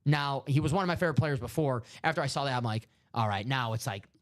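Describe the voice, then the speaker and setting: A man hosting a live sports card break stream, chatting casually and excitably with lots of fillers. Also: medium pitch, fast.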